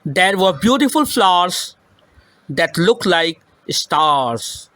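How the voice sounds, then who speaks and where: A male teacher reading a children's story aloud with emphasis, pausing to repeat and explain each line in simple words. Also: high-pitched, sing-song, pushed and bright, no room sound, low-quality recording.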